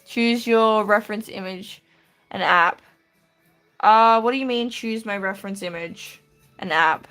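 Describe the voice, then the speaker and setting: A woman's voice: mid-range voice, a little slow, fairly bright tone, soft background music. A woman from Australia with an Australian accent, live-streaming from her room and chatting casually with her viewers, laughing lightly as she answers. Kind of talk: casual live-stream chat while drawing.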